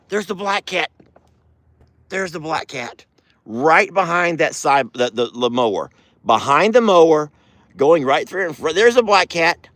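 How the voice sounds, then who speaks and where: A man's voice: very animated, moderate pace, a bit bright. A man hosting a casual farm vlog, sweet-talking his animals. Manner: coos at animals in sweet, high baby talk. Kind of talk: casual chat.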